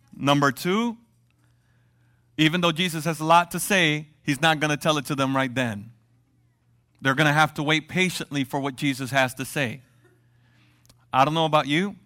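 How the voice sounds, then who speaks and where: A male pastor preaching a sermon in an animated way, reading scripture and acting out quoted voices with humor. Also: a little high.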